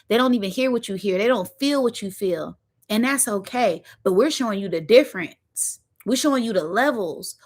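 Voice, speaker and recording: Woman, kinda high voice, preachy spiritual pep talk, repeats herself a lot, slangy. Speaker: spiritual channel host. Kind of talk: motivational spiritual monologue.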